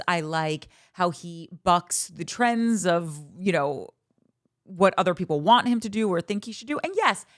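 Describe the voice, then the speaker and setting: A woman's voice: mid-range voice, no echo, clean studio sound. Candid, gushing woman podcast host. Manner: animated, candid and bawdy, gushing. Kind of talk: casual chat.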